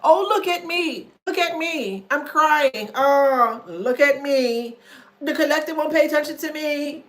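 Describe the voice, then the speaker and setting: A woman's voice: high voice, unhurried, fairly bright tone, voice pushed up. A woman voicing a whiny, self-pitying crybaby who wails mock-tearfully for attention. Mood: mock whining.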